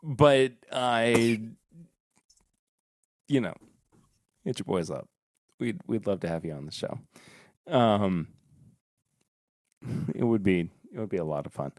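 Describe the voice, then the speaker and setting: A man hosting a podcast in casual, joking chat, rambling and halting. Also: lowish voice, lively intonation, darkish tone, dry recording, studio quality. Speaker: podcast host.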